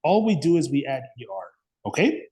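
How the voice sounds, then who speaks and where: A man's voice: fairly high pitch, sing-song, fairly quick, warm tone, slightly rough. A man teaching an English grammar lesson, patiently repeating words and checking understanding with frequent "okay?" and "yes?".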